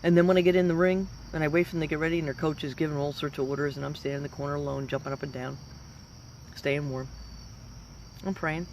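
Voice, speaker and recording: A woman's voice: low voice, fairly even intonation, quick pace, darkish tone, a little hiss or hum. A woman in her fifties, a professional fighter, giving an emphatic, rambling motivational talk. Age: 50s. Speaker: professional mixed martial arts fighter.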